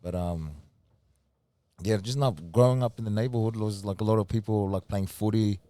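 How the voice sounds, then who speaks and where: A soft-spoken young man from New Zealand, telling stories in a relaxed, casual way as an interview guest. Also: on the low side, fairly quick, no echo. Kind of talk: casual storytelling.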